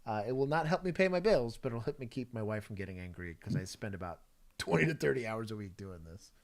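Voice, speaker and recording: A man with a low voice and a Texas accent chats on a casual livestream, breaking down police footage. His delivery is laid-back, with laughter, and his sentences trail off quietly, while his pitch moves a lot. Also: lively intonation, fast talker. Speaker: co-host, former police officer.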